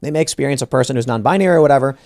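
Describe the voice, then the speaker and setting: A man's voice: mid-range voice, racing, a little mellow. A man hosting a podcast, arguing his point in opinionated panel talk, often restarting his sentences and acting out other people. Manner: argumentative, many restarts, acts out quoted people. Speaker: podcast host. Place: podcast studio.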